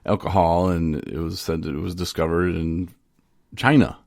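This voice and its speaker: A low-pitched man with a gravelly, creaky voice, chatting loosely on a podcast. He jokes and rambles, trailing off and restarting his thoughts. His voice is close and dry, with no room sound. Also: steady tone, normal speed, darkish tone, no echo. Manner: joking, rambling, self-interrupting. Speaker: podcast co-host. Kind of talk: casual podcast chat.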